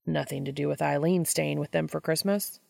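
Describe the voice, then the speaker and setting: A woman doing a gruff teasing young man. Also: low-pitched, fairly even intonation, normal speed, warm tone, no room sound, exaggerated voice. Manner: teasing, dry sarcasm.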